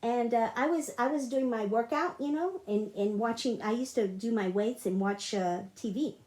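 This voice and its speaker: Middle-aged woman, emotional personal story, slightly high voice, echoey room. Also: moderate pace, darkish tone. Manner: emotional, repetitive retelling with restarts.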